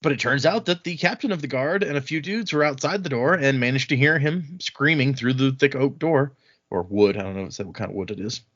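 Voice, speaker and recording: A man's voice: mid-range voice, fairly bright tone, lo-fi sound. Man casually recapping a book. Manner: recaps the plot, acting out characters in quick asides. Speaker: podcast host. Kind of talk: casual book-club chat.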